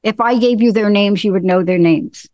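A woman's voice: mid-range voice, normal speed, a little mellow, no room sound. A woman hosting a talk show in casual chat, enthusiastic, often repeating and restarting her phrases. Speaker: show host.

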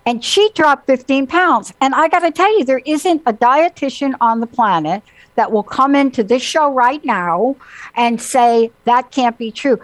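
High-voiced woman host, dry close sound. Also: a little slow, no room sound, poor audio. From Italian heritage. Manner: animated storytelling, acting out quotes. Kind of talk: casual chat.

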